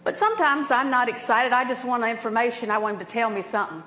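Older woman preacher, fairly high voice, lively and chatty delivery, echoey hall sound. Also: fast, few pauses. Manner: lively, laughing, storytelling preacher. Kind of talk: sermon.

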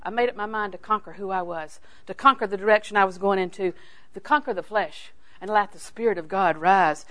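An older woman delivers a sermon in a homespun, storytelling way. She punches key phrases loudly, then drops into near-hushed asides. She has the easy manner of a longtime Bible teacher. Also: medium pitch, brisk. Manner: folksy and animated, swings from loud emphasis to hushed asides.

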